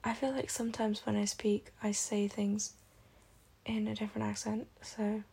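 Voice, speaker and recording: Soft-spoken British woman, breathy and gravelly. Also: mid-range voice, completely flat delivery, moderate pace. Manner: soft, often drops into a whisper. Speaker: audio creator talking to listeners. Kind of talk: casual chat to listeners.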